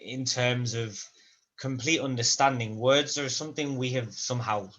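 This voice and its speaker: A language student in a conversation class talks over a video call in a casual spoken-practice session, thoughtful and rambling, frequently restarting sentences. His mid-range voice is steady, slightly bright, and at a normal speed.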